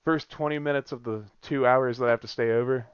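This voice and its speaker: A podcast host in casual chat, a man telling stories with plenty of swearing and bursts of laughter. His voice sits at a middling pitch. The sound is dry and dull, like a cheap lo-fi setup. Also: fast talker, smooth, no echo. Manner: animated storytelling, frequent swearing and laughter.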